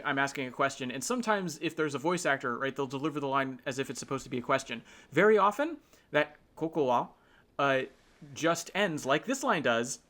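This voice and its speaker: A man's voice: mid-range voice, fairly bright tone. A man hosting a casual explanatory talk, thinking aloud and often checking in with his listener. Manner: keeps checking in with tag questions; thinks aloud with restarts and fillers. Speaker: host.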